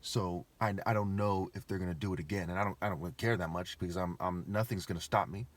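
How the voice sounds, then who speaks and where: A man's voice: sits low, steady tone, fast. Man ranting in an emphatic monologue. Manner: emphatic, repetitive, asks rhetorical questions. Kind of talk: rambling solo monologue.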